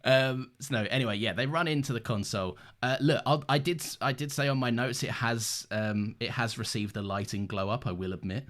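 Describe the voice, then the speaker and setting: A man's voice: mid-range voice, brisk, hardly any pauses, fairly bright tone. A man co-hosting a casual rewatch podcast, enthusiastic, reading from his notes and laughing often. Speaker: podcast co-host.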